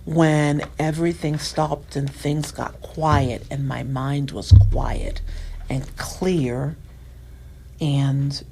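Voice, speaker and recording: A middle-aged woman with a low voice tells a personal story as a podcast guest. She speaks softly and lets her voice fall to almost a whisper at tender points. A faint hiss sits under the recording. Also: steady tone, very slow, gravelly, poor audio. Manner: soft-spoken, drops to near-whispers at tender moments.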